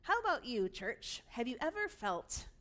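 A woman pastor preaching a sermon. She tells the story in an animated way and acts out its scenes. Her voice sits high, and her pitch moves a lot. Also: normal speed.

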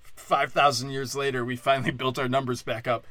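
A man's voice: medium pitch, little pitch movement, fairly quick, sharp tone, slight background noise. A man hosting a podcast, delivering an irreverent comedic monologue, rambling with lots of "like" and frequent laughter. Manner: rambling, laughs often, heavy use of "like".

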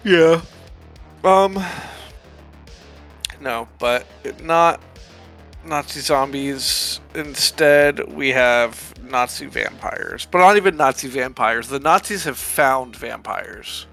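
A man with a sharp, bright voice co-hosts a podcast, chatting loosely about a movie. He rambles, swears and drags out words for emphasis. A faint music bed sits underneath. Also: medium pitch, slow pace, vocal fry. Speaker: podcast co-host. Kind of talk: casual movie review chat.

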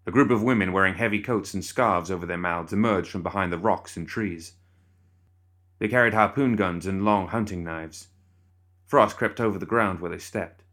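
A man narrating a story in a measured, even way. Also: sits low. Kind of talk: scripted narration.

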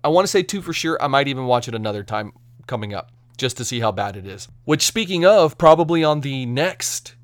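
A man hosting a casual solo podcast review, chatty and energetic, now and then slipping into silly joke accents. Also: mid-range voice, a little fast, no echo. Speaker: podcast host.

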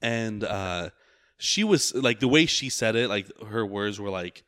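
A man's voice: fairly low pitch, lively intonation, a little slow, a bit bright, no echo, clean studio sound. A man who drives for a rideshare service, telling a story in casual chat, rambling and profane with lots of filler words.

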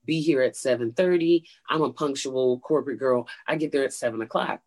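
In an interview, a female stand-up comedian tells a story with animated energy, her pitch jumping high whenever she acts out quotes. She talks a little fast.

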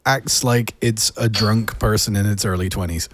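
A man's voice: lowish voice, steady tone, moderate pace, fairly bright tone, slight background noise. A man from England with an English accent, a podcast guest talking in a profane manner with stammering restarts. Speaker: guest producer. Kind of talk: casual banter.

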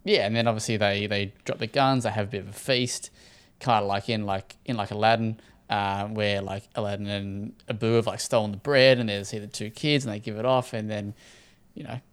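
Brisk and steady, with a clean tone on the low side, an Australian podcast co-host chats through a recap of a show episode. His manner is rambling and relaxed, and he swears and laughs a lot.

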